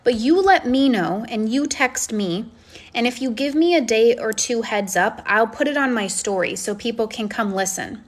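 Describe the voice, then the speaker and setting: Brief: woman, gushing live-stream coach, slightly higher voice, recorded on phone. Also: normal speed. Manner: gushing, effusive and encouraging. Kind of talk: casual live-stream chat, reading comments.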